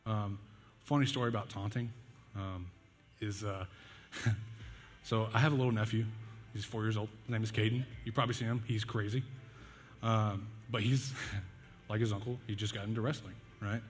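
His voice fairly low and evenly intoned, a young man delivers a casual, story-filled sermon at a moderate pace with long pauses. The tone is conversational, jokey and self-deprecating, with fillers and laughter. The hall gives a long reverb, and faint music plays underneath.

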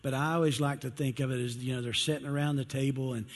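A man's voice: medium pitch, fairly even intonation, fast, big-room sound. A man preaching a sermon in a folksy, storytelling way, acting out the disciples as he retells the scene.

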